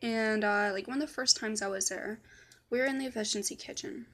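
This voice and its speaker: A woman's voice: a little high, brisk, a bit bright. A young woman telling a personal story in a casual, rambling vlog, swearing often, using many fillers and dropping to a whisper for quoted lines. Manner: rambling, profane, full of fillers. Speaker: vlogger.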